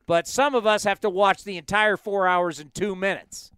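A man in his fifties hosting a sports talk show, excitable and self-mocking as he tells stories. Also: sits high, moderate pace, clear, resonant tone, no room sound, clean studio sound. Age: 50s. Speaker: sports radio host.

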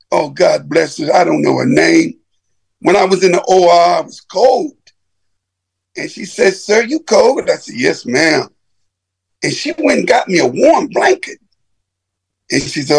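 A man's voice: sits high, gravelly, breathy edge. A middle-aged man giving an emotional personal testimony to an audience, telling it dramatically and calling his listeners brother. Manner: dramatic storyteller who addresses listeners as brother. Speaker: speaker giving manhood training.

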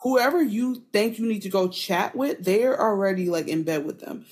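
A woman's voice: mid-range voice, moderate pace, a little mellow, breathy edge. Woman giving chatty, emphatic commentary. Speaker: podcast co-host. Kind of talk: casual recap chat.

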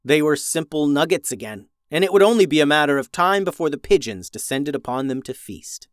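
Male storyteller, fairly high voice, dry close sound, animated reading for kids. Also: fairly quick, clear, resonant tone, no room sound. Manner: animated, raises voice for characters' lines. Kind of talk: children's story narration.

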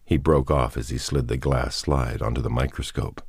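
A man narrating a novel as a scripted audiobook reading, in a measured, unhurried manner. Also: extremely low pitch, fairly even intonation, creaky, slightly rough, no echo.

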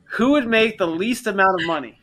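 A man's voice: high voice, a little fast, fairly bright tone, a little hiss or hum. A man hosting a casual podcast chat, rambling with lots of filler words. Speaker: podcast host.

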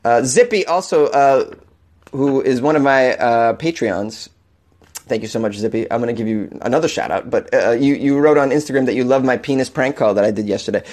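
A man hosting a comedy podcast, rambling excitedly and pitching his listeners in a casual comedic rant. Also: a little fast. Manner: rambling, excitable, animated shifts. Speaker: podcast host.

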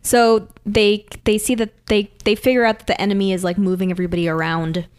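A chatty woman co-hosting a podcast casually recaps an anime episode at an easy pace, rambling and filling her talk with ums and likes while sometimes acting out the characters' lines. Her voice is medium-pitched and a little fast, with a flat delivery.

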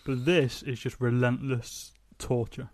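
A man's voice: medium pitch, level tone, a little slow, no echo. A young man co-hosting a podcast, chatting casually and with strong opinions about songs, laughing easily. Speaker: podcast co-host. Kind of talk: casual music review chat.

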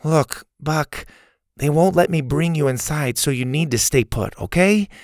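A man's voice: a little high, a little slow, darkish tone, no echo, clean studio sound, voice pushed up. A man voicing a nervous young boy camper who jokes lightly and talks a bit anxiously. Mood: coaxing.

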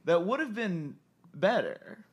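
Man, podcast co-host, joking, higher voice, laughs a lot. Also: big pitch swings, slow pace, slightly rough. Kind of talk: casual chat.

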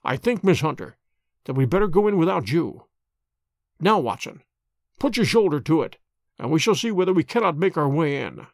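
A man voicing a sharp, decisive male detective in a storybook reading. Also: a little high, big pitch swings, moderate pace, pauses often, no room sound, clean studio sound. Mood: commanding. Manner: crisp, decisive.

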